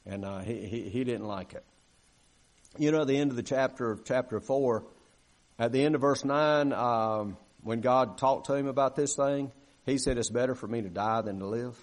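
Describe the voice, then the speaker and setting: A man's voice: mid-range voice, normal speed. A man preaching a sermon in a church, talking conversationally, asking for amens and acting out quoted grumbling. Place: church sanctuary.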